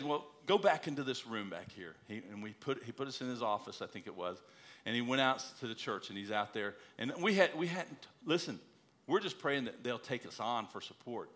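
A man's voice: medium pitch, a bit bright. A middle-aged man, a missionary preacher, telling a personal story in a sermon and urging listeners in an earnest, emphatic way.

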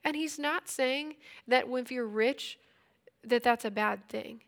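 A woman in her thirties walks through scripture in a relaxed, conversational teaching style. Her voice sits a little high, with a noticeable gravelly fry at the ends of phrases. She retells the passage in plain everyday language. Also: slow pace. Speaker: Bible study teacher. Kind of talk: casual devotional teaching.

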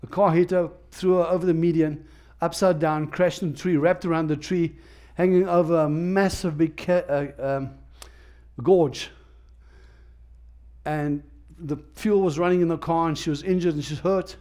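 Emphatic preacher man, slightly high voice. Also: fairly even intonation, moderate pace, warm tone. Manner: emphatic, repetitive preaching with restarts. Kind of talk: sermon.

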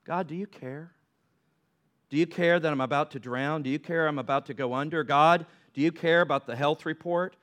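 Smooth-voiced man preaching. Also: fairly high pitch, measured pace, fairly bright tone. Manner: conversational preacher, builds to impassioned pleas. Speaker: pastor. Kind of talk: sermon.

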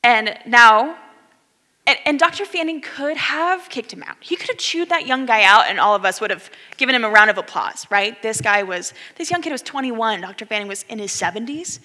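A woman's voice: fairly high pitch, normal speed. A woman in her thirties telling a story in a conversational sermon, acting out the people in it. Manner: animated, conversational, acts out quoted voices. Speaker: speaker giving a talk. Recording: long hall reverb.

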